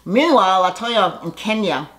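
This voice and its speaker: A woman's voice: mid-range voice, expressive, normal speed, fairly bright tone. A woman casually recapping a reality show episode in a chatty, gossipy way, laughing often and tossing in sassy asides.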